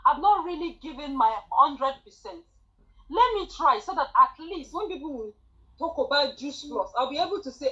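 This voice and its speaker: A high-pitched woman tells her testimony in a lively, chatty manner. Her voice is bright. The call audio sounds dull and lo-fi. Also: moderate pace. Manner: animated, chatty storytelling. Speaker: student nurse sharing a testimony.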